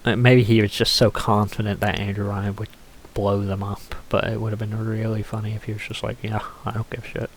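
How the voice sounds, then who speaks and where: A man's voice: lowish voice, little pitch movement, brisk, few pauses, slight background noise. A man giving casual, rambling commentary over a game he is playing, swearing offhandedly and using lots of fillers. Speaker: gameplay commentator.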